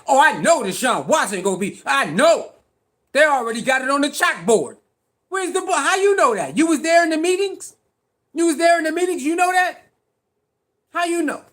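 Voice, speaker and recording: A man's voice: very high voice, a bit bright. A man hosting a sports talk stream, arguing with his chat in casual slangy speech and hammering the same pointed rhetorical questions again and again. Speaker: sports talk show host. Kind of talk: live-stream commentary answering chat.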